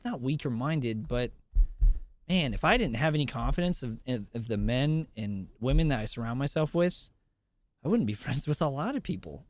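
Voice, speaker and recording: A man's voice: medium pitch, big pitch swings, moderate pace. A young man hosting a podcast, talking casually in a rambling, profane way and laughing often. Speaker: podcast host and streamer.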